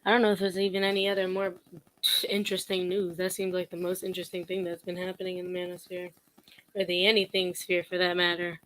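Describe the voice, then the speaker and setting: A woman's voice: on the low side, monotone, fast, fairly bright tone. A young woman vlogging casual commentary, sassy and blunt, laughing often as she mocks.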